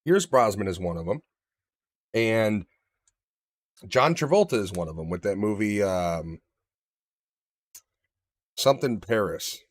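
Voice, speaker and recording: A man co-hosting a casual podcast chat, animated and profane, getting loud for emphasis. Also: fairly low pitch, measured pace, long pauses, dry recording. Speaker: podcast co-host.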